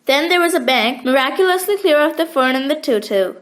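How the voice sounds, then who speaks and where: A woman narrating a children's chapter book in a gentle, expressive storytelling manner. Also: high voice, a little fast. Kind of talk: audiobook reading of a children's story.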